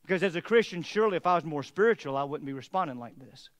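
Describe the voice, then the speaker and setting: A man pastor preaching a sermon, moving from hushed, heavy passages to emphatic, mocking asides. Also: fairly high pitch, lively intonation, fast talker.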